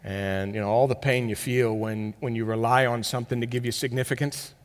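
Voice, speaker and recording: Animated preacher man in reverberant hall. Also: mid-range voice, fairly quick. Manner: animated storytelling, swings from loud to quiet. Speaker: pastor. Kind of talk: sermon.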